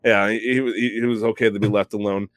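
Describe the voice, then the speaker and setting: A young man hosting a podcast, telling an animated, profane, self-mocking story in casual chat. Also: lowish voice, quick pace, dry recording. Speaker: podcast host.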